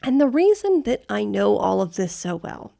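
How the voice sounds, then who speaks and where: A woman co-hosting a travel podcast in casual chat. Her mid-range voice has a gravelly fry. She lays out each news story one step at a time and checks that her co-host is following. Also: medium pitch, big pitch swings, normal speed, warm tone. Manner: explains step by step, checks understanding.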